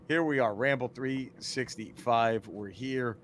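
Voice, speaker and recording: A man co-hosting a casual comedy podcast, profane and laughing, acting out other people's lines in animated voices. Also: mid-range voice, measured pace. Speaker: podcast co-host.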